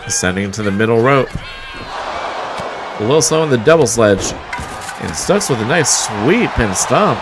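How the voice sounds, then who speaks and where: A man calls a wrestling match play by play, wry and mocking, and chuckles now and then. A loud crowd and steady noise sit behind his voice. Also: medium pitch, measured pace, long pauses. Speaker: wrestling commentator. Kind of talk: play-by-play commentary.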